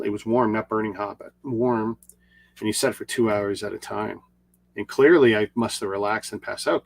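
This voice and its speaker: Middle-aged male vlogger, casual rambling storyteller, low gravelly voice. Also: a little hiss or hum. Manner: rambling, repeats and restarts. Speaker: video creator.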